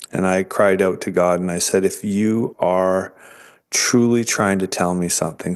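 A man with a somewhat low voice tells an emotional personal story as an interview guest. He speaks earnestly, often halting and restarting his sentences. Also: clean tone. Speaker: guest sharing his testimony.

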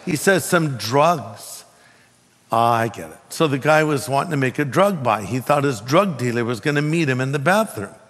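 A male pastor delivering a sermon, telling a story and acting out the dialogue with animated swings in his voice. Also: a little fast, hardly any pauses, big-room sound. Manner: animated, acts out dialogue with rising pitch.

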